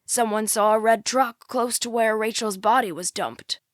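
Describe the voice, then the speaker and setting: A woman's voice: fairly high pitch, moderate pace, no room sound, studio quality, close to an everyday voice. A woman voicing a middle-aged male small-town sheriff who speaks in a suspicious, insinuating way, in an audiobook.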